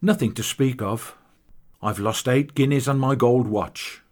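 A man reading an audiobook voices a composed army captain in a measured, sober way. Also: medium pitch, natural voice. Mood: grave. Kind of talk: audiobook character voice.

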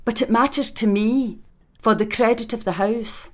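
A man reading an audiobook voices a fretful, self-pitying inn landlady in a shrill, rustic, old-fashioned way. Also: steady tone, moderate pace. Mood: anxious. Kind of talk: audiobook character voice.

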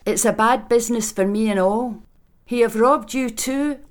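A man reading an audiobook voices a fretful, self-pitying inn landlady in a shrill, rustic, old-fashioned way. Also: normal speed. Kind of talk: audiobook character voice.

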